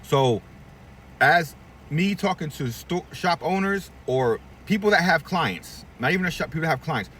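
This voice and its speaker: A middle-aged barbershop owner rants to the camera in a blunt, profane, preachy way, with his pitch jumping up and down a lot. He sounds a bit far from the mic, with faint traffic noise behind him. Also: lively intonation, normal speed, a bit bright. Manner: blunt, profane, preachy, acts out quoted voices. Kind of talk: candid advice rant to camera.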